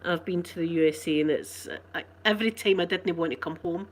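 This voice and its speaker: A woman's voice: on the low side, a little fast. A woman with a Glasgow accent chatting casually with her live viewers, rambling and laughing often. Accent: Scottish, Glasgow. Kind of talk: casual live-stream chat.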